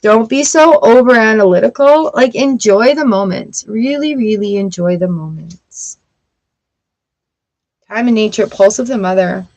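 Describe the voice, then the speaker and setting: A woman's voice: medium pitch, animated, measured pace, a little mellow, low-quality recording. A woman reading tarot cards for a live audience, chatty and upbeat, greeting viewers by name between cards. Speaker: tarot reader.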